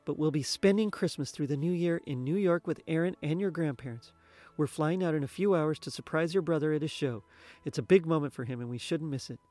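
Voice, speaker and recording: A man's voice: on the high side, a little fast, a little mellow, no echo, lightly acted. A man voicing a tired, stern mother speaking firmly to her son. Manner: weary, stern. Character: weary, stern working mother.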